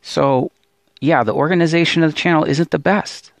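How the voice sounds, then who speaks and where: This channel host, a Bible teacher, has a fairly high, creaky voice at a moderate pace, captured with clean studio sound and no room tone. In an emotional religious vlog, he pleads in discouragement, restarting with stammers and appealing again and again.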